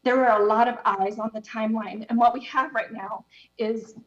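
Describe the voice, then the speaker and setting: A woman giving public comment at a council meeting, out of breath, talking in a hurried and apologetic way with lots of fillers. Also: a little high, fairly even intonation, muffled recording.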